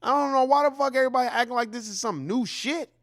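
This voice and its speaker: A man's voice: extremely high pitch, fast, a bit bright. A man giving a heated, profane reaction commentary in a casual, repetitive ranting style.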